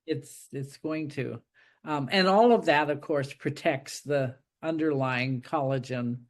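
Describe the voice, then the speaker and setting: A woman's voice: very deep voice, slow pace. A woman who hosts the show and writes books, talking casually and thinking aloud with many restarts. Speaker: host and author. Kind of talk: casual conversation.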